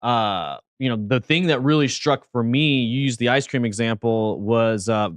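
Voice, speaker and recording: A man's voice: mid-range voice, normal speed, dry recording. A man co-hosting a casual crypto livestream, talking through prices and quizzing the chat. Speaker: crypto show co-host.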